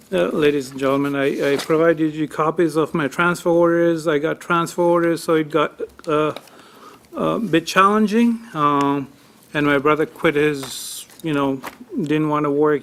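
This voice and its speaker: A man testifying at a tax appeal hearing, halting and full of fillers as he grows emotional telling his story. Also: a little high, fairly bright tone, a little hiss or hum. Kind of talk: unscripted testimony.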